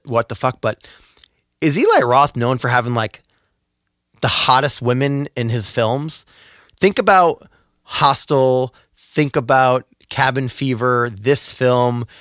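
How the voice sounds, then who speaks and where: A man co-hosting a podcast in casual chat, musing and asking questions, slowing down to draw out details. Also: mid-range voice, fairly bright tone, no echo, clean studio sound. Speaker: podcast co-host.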